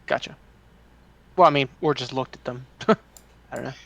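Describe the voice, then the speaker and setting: A man's voice: medium pitch, moderate pace, vocal fry, a bit bright. A man playing a tabletop game, asking questions and thinking aloud. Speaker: player. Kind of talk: tabletop role-play.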